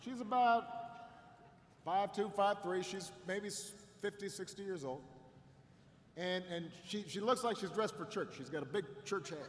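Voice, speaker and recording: Middle-aged male orator, high-pitched, halting repeats, long echo of a big hall. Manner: halting repetitions, slow build to shouted climax. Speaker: political candidate speaking at a rally. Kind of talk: storytelling campaign speech. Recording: long reverb in a large hall, faint noise.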